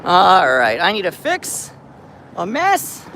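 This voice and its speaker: A man vlogging outdoors on a city street about the cats he looks after, chatting casually to the camera and greeting the cats in a high sing-song voice. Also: huge pitch swings, slow, sharp tone, slight background noise. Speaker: vlogger caring for a street cat colony. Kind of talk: casual vlog talk to camera.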